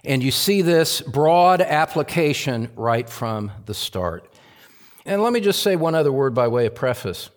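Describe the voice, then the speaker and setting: A man preaching a sermon as pastor, emphatic, repeating key phrases and swinging from loud climbs to low, quiet drops. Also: big pitch swings, measured pace.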